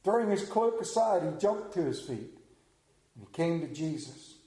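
Male pastor, sermon, mellow voice, fairly high pitch, echoey room. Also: sing-song, normal speed. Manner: conversational storytelling, self-deprecating humor. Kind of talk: sermon with scripture reading and prayer.

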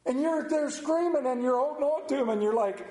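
A middle-aged man preaching a sermon to his congregation, telling stories in an animated way and putting questions to the room. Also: extremely high pitch, a little fast. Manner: animated storytelling, acts out voices, asks the congregation questions. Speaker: pastor. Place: church. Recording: echoey church room.

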